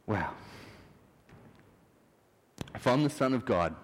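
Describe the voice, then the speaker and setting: A man's voice: mid-range voice, lively intonation, slow pace. A man preaching a sermon in an earnest, questioning manner. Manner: earnest, searching, asks many questions. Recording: long hall reverb.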